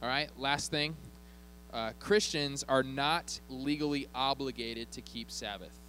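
A man's voice: mid-range voice, measured pace, bright, forceful tone, a little hiss or hum, low-quality recording. A man preaching a sermon as pastor of his church, speaking conversationally, joking with the congregation and often checking in with them.

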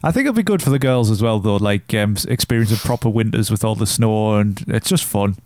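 A man's voice: lowish voice, animated, brisk, darkish tone, no room sound. A man co-hosting a podcast in casual chat, teasing the others dryly. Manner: dry teasing. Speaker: podcast co-host.

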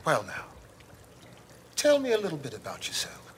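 A man's voice: a little high, huge pitch swings, normal speed, a little hiss or hum. A man playing a skeptical interviewer who questions a guest's claims. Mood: doubtful. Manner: doubting, dry questions. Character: skeptical male interviewer, dry. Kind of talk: comedy sketch clip.

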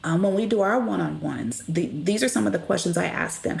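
A middle-aged woman recounting stories as an interview guest, animated and expressive. Her voice sits a little low, with a lively swing and a gravelly edge. The room is echoey, with a faint hum of noise behind her. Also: fairly quick, hardly any pauses. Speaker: guest, business leader. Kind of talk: conversational interview storytelling.

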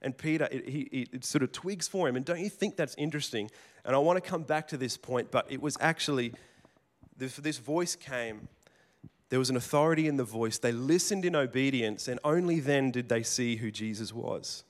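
Male preacher, conversational sermon, casual asides, medium pitch. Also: moderate pace. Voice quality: plain working tradesman's speech. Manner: conversational, storytelling, self-correcting restarts.

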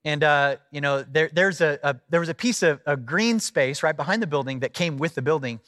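Casting note: middle-aged male pastor, slightly high voice, dry close sound, chatty and animated storytelling. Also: brisk, no echo. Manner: animated, conversational storytelling with acted quotes. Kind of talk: storytelling sermon.

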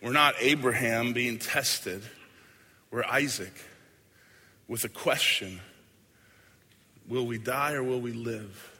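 A man preaching a sermon as a pastor, earnest and deliberate, often letting his lines fade softly at the end. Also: medium pitch, husky. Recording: hall with long reverb.

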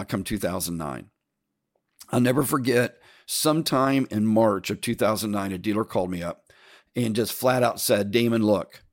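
A middle-aged man with a somewhat low voice tells a long casual story straight to his audience. He is animated and chatty and calls his listeners "folks". He laughs here and there as he talks. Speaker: podcast host telling a business story.

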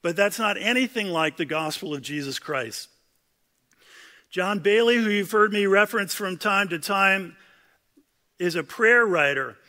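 A man's voice: high voice, lively intonation, a little slow, pushed and bright, long reverb tail. A man, a senior pastor, preaching a sermon in a conversational, plain-spoken way with casual asides to the congregation.

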